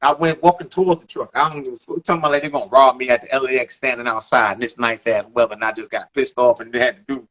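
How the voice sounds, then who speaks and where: A man in his thirties from the Bronx with a New York accent, telling stories in a casual interview, animated, emphatic and profane. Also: mid-range voice, quick pace, few pauses. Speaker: former basketball player, guest.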